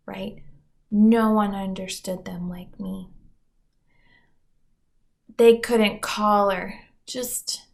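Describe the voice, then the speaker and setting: A woman's voice: mid-range voice, steady tone, takes it slowly, creaky, long pauses, a bit bright. A young adult woman hosting a podcast, talking candidly and mocking herself, with dramatic asides and plenty of swearing. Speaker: podcast host. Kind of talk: candid solo monologue.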